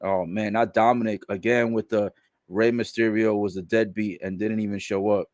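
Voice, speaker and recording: A man giving a casual live recap of a wrestling show, relaying what is said in the ring and reacting with laughs and loud exclamations. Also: lowish voice, steady tone, moderate pace, no echo, clean studio sound. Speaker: live wrestling watch-along commentator.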